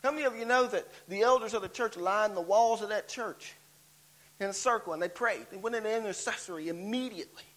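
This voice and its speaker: A man with a very high, bright, forceful voice preaches a sermon in a church. He stacks rhetorical questions on one another and urges his listeners along with repeated calls of "come on.". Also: low-quality recording. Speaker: guest preacher.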